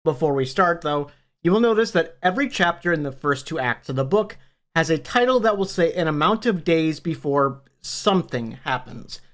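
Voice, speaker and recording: A man's voice: on the high side, expressive, normal speed, fairly bright tone. A man narrating a book summary for his online channel, upbeat and conversational, with the odd casual swear. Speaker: book review YouTuber.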